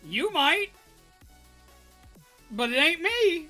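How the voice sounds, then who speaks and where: A man's voice: extremely high pitch, sing-song, extremely slow, sharp tone, soft background music. A man with a Southern US accent, a streamer, telling a story in a casual chat full of swearing and laughs. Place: home streaming setup.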